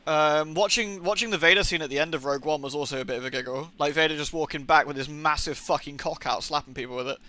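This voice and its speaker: A young man streams a game and talks over it in a bright, edgy voice that sits a touch high for a man. He rambles and swears freely, often breaking into rants of disbelief. The sound is dry and close. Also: dry recording. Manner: rambling and profane, incredulous rants. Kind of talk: casual live gaming stream chatter.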